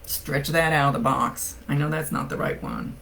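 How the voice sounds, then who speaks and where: A woman's voice: low-pitched, steady tone, moderate pace, vocal fry, a bit bright, slight background noise, rough recording. A woman psychic medium chatting casually through a reading, laughing often as she relays messages.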